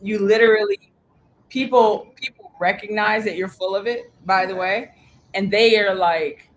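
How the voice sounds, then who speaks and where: A woman's voice: mid-range voice, unhurried, poor audio. A woman business coach teaching a live workshop, telling stories with lots of energy, acting out quoted voices and swearing casually.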